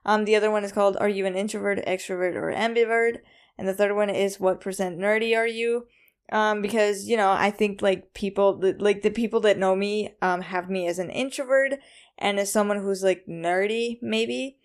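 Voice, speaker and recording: A woman's voice: mid-range voice, fairly even intonation, normal speed, smooth. A young woman hosting a casual solo podcast, rambling with lots of ums and likes, a bit anxious and self-conscious. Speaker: podcast host.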